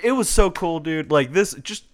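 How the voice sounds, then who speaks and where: A young man in casual chat, excitedly reviewing a game with lots of swearing and restarts. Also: fairly high pitch, moderate pace. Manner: excitable, profane, rambling with restarts. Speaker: podcast co-host reviewing a game.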